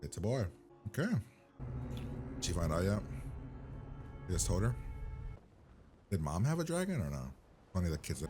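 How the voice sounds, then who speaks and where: A man with a very low voice reacts to a show he is watching for the first time. His pitch swings widely as he curses and fires disbelieving questions at the screen. Music from the show plays behind him. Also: huge pitch swings, normal speed, pauses often, darkish tone. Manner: blunt, profane, incredulous questions at the screen. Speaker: reaction host.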